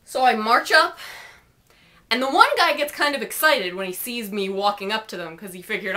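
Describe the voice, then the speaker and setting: A woman's voice: fairly high pitch, normal speed, bright, forceful tone. A young woman vlogger telling a story to camera in a rambling, snarky, casual way.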